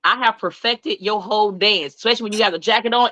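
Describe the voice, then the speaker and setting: Woman host, bright and sharp, fast teasing chatter. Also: mid-range voice. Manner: quick, teasing, excited interjections. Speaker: podcast host. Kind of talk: casual chat.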